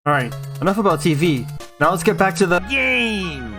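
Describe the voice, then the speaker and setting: Young male gaming host, sarcastic and excitable, over loud background music. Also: high-pitched, moderate pace. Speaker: gaming YouTuber. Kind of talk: comedic recap commentary. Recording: music playing under the voice.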